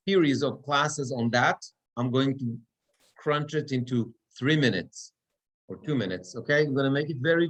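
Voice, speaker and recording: A cantor with a medium-pitched, fairly bright voice teaches Torah reading in a synagogue classroom. He lectures step by step and checks in with his students often.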